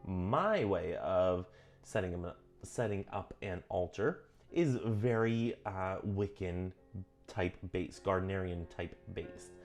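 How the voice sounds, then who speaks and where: Casual and meandering, this vlogger talks over a witchcraft book he's reading, earnestly fixing his own wording and straying onto tangents. His voice is on the dark side, rising sharply in pitch when he gets emphatic.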